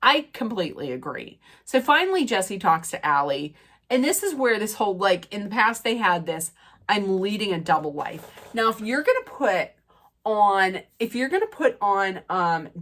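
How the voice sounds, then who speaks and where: A woman's voice: medium pitch, sing-song, normal speed, fairly bright tone. Chatty, stuffy-nosed woman recapping reality TV. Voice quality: nasal. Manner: chatty, rambling with many fillers and restarts. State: stuffy, draining sinuses. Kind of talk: casual recap and rant.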